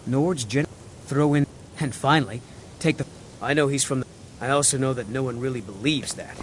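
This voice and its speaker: A man's voice: mid-range voice, normal speed, slight background noise, lightly acted. A man voicing an earnest young mage student. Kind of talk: video game voice acting.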